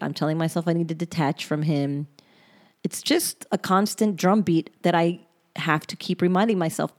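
Woman podcast host with a somewhat low voice, reading her own journal aloud, frank and reflective, swears bluntly. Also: darkish tone.

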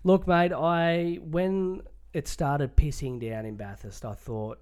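Aussie bloke, sports podcast co-host, animated and jokey, casual banter. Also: male voice, on the high side, slow pace, smooth. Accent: Australian. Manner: animated, jokey, lots of mate.

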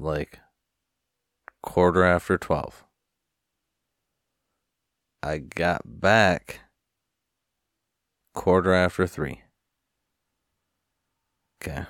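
Low-voiced man, rambling profane vlog rant, dry close sound. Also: smooth, no echo. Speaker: vlogger. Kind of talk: casual storytelling rant.

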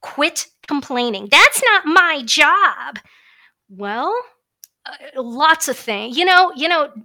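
A woman's voice: fairly high pitch, pushed and bright. A woman giving a blunt, emphatic opinionated monologue as a religious commentator, with frequent fillers and restarts.

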